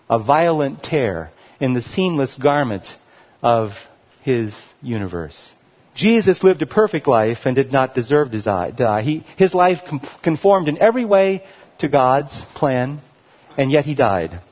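A male pastor delivers a passionate sermon in a fairly high voice that swings widely, climbing to loud, emphatic peaks before sinking to hushed low lines. The recording rings with the long reverb of a large hall and has a dull, lo-fi sound. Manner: passionate, swells loud on key words then drops low.

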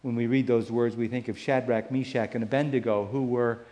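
A man preaching a sermon, slow and measured, letting key phrases fall soft and quiet. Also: medium pitch, fairly even intonation.

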